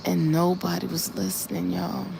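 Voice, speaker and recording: Gravelly woman earnestly recounting a dream. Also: fairly low pitch, little pitch movement, normal speed, background noise. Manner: earnest, repetitive storytelling, speaking straight to her viewers. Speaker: livestreamer. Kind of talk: recounting a dream on a casual live stream.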